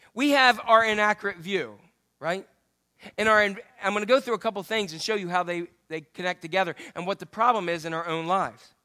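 High, bright-voiced joking preacher man. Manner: joking, conversational preaching with asides to the congregation. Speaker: pastor. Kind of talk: sermon. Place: church sanctuary.

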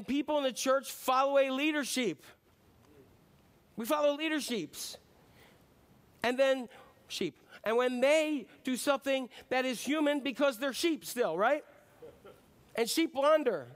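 A man preaching a sermon in a conversational way, often restarting his sentences and slowing down to stress the scripture he quotes. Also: extremely high pitch. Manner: conversational, with frequent restarts and filler words.

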